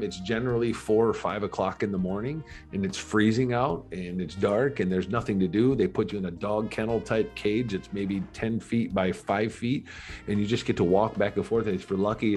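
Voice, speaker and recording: A middle-aged man, a podcast guest, telling his life story in a candid, earnest and reflective way, with halting restarts. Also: lowish voice, darkish tone.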